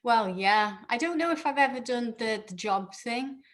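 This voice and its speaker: A woman's voice: a little high, lively intonation, normal speed. A woman in her forties, a guest on an interview show, talking candidly and chattily and laughing easily. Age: 40s. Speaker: interview guest, actor and writer. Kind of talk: casual interview chat.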